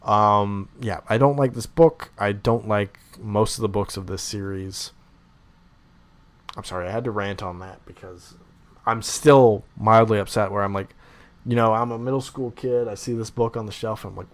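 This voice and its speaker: A young man hosting a podcast, chatting casually and ranting with animated, opinionated energy. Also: fairly low pitch, normal speed. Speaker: podcast host. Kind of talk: casual chat.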